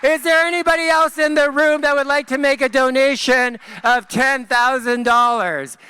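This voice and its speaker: A man's voice: very high voice, steady tone, bright, forceful tone. A man hosting a live gala fundraiser on a handheld mic, rallying the room and calling out paddle numbers and donation amounts. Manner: upbeat, rallying, reads paddle numbers in slow, drawn-out calls. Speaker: gala host running a fundraising paddle raise. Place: gala event room with guests. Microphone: handheld microphone.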